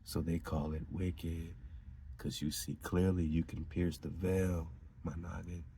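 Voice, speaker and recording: A man's voice: low-pitched, little pitch movement, a little slow, vocal fry, mellow, slight background noise. A man hosting a podcast who reads out and riffs on esoteric lore in an emphatic, preaching way. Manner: emphatic, preachy, laughs between lines. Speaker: podcast host. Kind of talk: reading aloud and riffing on esoteric lore.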